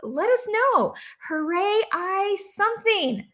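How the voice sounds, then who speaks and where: A woman's voice: high-pitched, expressive, measured pace, a bit bright. A woman hosting a live stream, upbeat and gushing as she reads out viewer comments, laughing often. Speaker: host.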